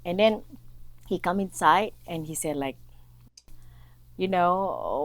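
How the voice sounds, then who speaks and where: A woman with an Indonesian accent, a non-native English speaker, telling her faith testimony in a halting way and acting out her past speech. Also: sits low. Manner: halting, searching for words, acts out her own past speech. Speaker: guest sharing testimony.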